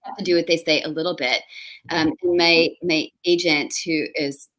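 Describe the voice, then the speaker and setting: Woman author, panel guest; low voice, chatty and animated. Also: moderate pace, low-quality recording. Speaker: author on a writers' conference panel. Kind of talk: casual panel conversation.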